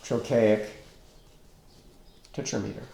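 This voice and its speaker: A man teaching a recorded online lesson on poetic meter, slow and deliberate as he counts out stresses and feet. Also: on the low side, steady tone, creaky, warm tone. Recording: echoey room.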